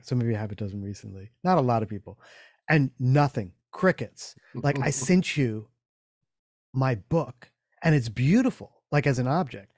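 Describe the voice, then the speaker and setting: A man's voice: medium pitch, expressive, moderate pace, darkish tone, dry recording. A man talks through his thoughts in a loose, reflective way and often slips into quoted asides that mock himself. His voice sits in an ordinary middle register. The recording is close and dry, with little room sound. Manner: reflective, rambling, with self-mocking quoted asides. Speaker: podcast co-host. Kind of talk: casual conversation.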